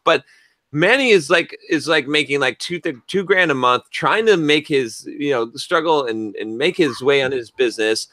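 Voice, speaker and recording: Male podcast host, lively swearing storyteller, bright forceful tone, dry close sound. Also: fairly high pitch, moderate pace, dry recording. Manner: animated, profane, acts out quoted dialogue. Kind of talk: casual storytelling chat.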